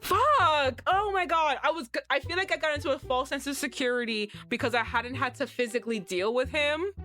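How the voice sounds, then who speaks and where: A woman streaming herself playing a game, reacting with loud, swearing outbursts and laughter. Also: high-pitched, a little fast, faint music behind. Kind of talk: livestream game commentary.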